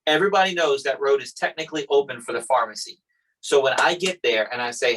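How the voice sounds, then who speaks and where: Fast-talking at a medium pitch, a man hosts a podcast in casual conversation, performing the quoted back-and-forths in his animated stories. The recording is rough.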